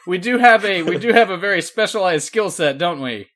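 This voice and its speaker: A man's voice: high-pitched, expressive, brisk, fairly bright tone. A man co-hosting a casual podcast over a call, wry and self-deprecating. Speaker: podcast co-host. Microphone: remote video call.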